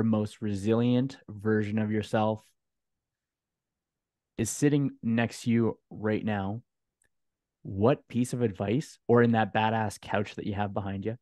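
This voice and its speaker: Male podcast host, casual and upbeat with slang, low voice, dry sound. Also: a little mellow, dry recording. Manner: upbeat, slangy, hypes up the guest. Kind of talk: casual interview chat.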